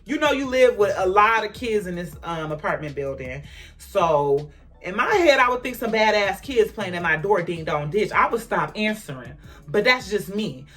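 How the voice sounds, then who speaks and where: A woman spins a story to her camera in a loose, casual storytime, animated and emphatic as she turns to address her viewers. Her voice sits at an ordinary middle pitch. A little music plays faintly behind her. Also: normal speed. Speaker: vlogger.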